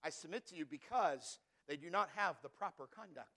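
A man's voice: on the high side, animated, a little fast, bright, forceful tone. A male pastor preaching a sermon, emphatic and repeating key words for stress, calling on the congregation to answer back.

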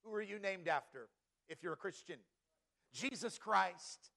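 A man's voice: high voice, lively intonation, measured pace, creaky, sharp tone. A male pastor preaching a sermon, emphatic and repeating key words for stress, calling on the congregation to answer back.

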